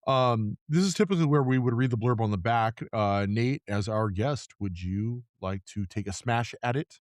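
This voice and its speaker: A man's voice: medium pitch, moderate pace, dry recording, studio quality. A man co-hosting a podcast in casual chat, teasing and joking. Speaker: podcast co-host.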